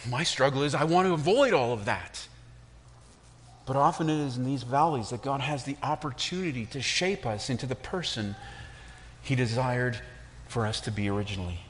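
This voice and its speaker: A man's voice: mid-range voice, a bit bright. A man preaching a sermon, telling a story and then reflecting on it for his listeners. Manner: slow, storytelling delivery with reflective asides.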